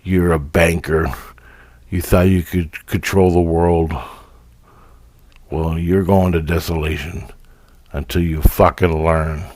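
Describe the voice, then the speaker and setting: Brief: stern male divine judge, low and dry, profane and scolding, put on by a man. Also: level tone, slow pace, pauses often, a little mellow, no room sound.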